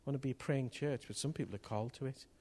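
Man, pastor, sermon, fervent swells, middle pitch, church room. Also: racing. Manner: impassioned, rising to loud outbursts. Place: church hall with congregation.

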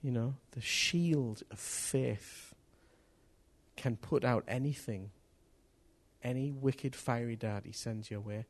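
A man preaching to his church in a fervent sermon. His middle-pitched voice swings between quiet, reflective asides and loud, rising bursts of fervour. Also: slow pace. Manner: impassioned, rising to loud outbursts. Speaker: pastor. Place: church hall with congregation.

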